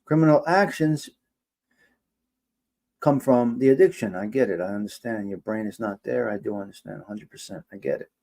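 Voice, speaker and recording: A middle-aged man hosting a casual livestream show, talking to his chat and swinging between loud, exasperated, swearing outbursts and quiet mutters. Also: fairly low pitch, moderate pace, vocal fry. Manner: animated, exasperated ranting with swearing.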